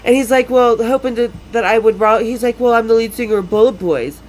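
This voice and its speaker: A woman's voice: on the high side, brisk, darkish tone, rough recording. Woman in her fifties, from Utah, podcast host telling stories casually, frank and profane, slight background noise. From Salt Lake City, Utah. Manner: blunt, profane, laughs often. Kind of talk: casual storytelling.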